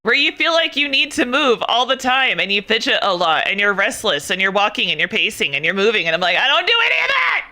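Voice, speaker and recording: Bright, crisp young woman streamer. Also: medium pitch, a little fast, hardly any pauses. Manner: animated, swearing, exasperated ranting. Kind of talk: casual chat.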